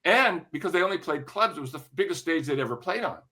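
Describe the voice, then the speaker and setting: An older man with a bright, ringing voice that sits a little high, telling a string of lively stories. He swears freely and keeps checking in with his listener with a quick "right?". It's a relaxed interview chat, all in his own voice. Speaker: music industry veteran guest. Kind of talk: animated anecdote-telling in a podcast interview.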